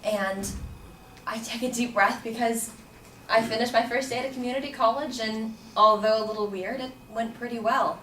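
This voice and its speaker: A woman's voice: fairly high pitch, fairly even intonation, normal speed, sharp tone. Woman telling a story in a roomy space. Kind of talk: personal story told to an audience. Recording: roomy, distant mic with faint background noise.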